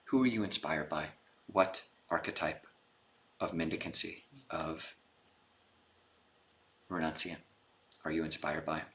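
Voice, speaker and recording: Deep-voiced, bright-toned monk giving a dharma talk. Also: male voice. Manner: casual, chatty explaining with slangy retellings. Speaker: Buddhist monk teaching.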